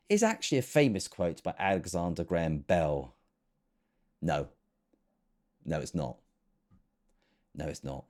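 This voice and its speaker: A man's voice: low voice, sing-song, moderate pace, darkish tone. A man hosting a comedy show, rambling through sarcastic commentary with lots of fillers and restarts. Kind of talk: casual comic commentary.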